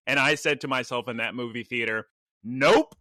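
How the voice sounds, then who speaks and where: Podcast co-host, male, animated storyteller, bright and lively, dry close sound. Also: medium pitch, quick pace, no room sound. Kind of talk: casual chat.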